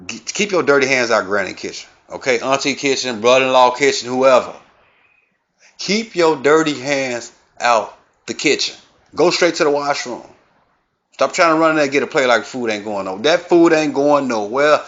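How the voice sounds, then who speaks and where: A man's voice: medium pitch, moderate pace, a bit bright. A man hosting a comedy video who lectures his listeners in a preachy, repetitive rant. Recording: dull lo-fi sound.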